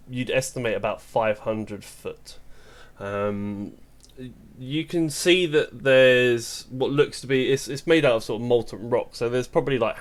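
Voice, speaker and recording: A man running a tabletop game as game master, describing scenes with frequent hesitations. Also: mid-range voice. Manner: descriptive, with frequent ums and sort-ofs.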